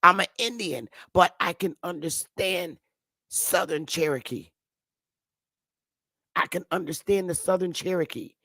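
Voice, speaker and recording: Her voice is on the low side and sharp in tone, with a measured pace and long pauses, in a dry recording. She's a channel host in her fifties from Connecticut, rambling casually in a monologue, repeating herself and calling viewers sweetheart and love.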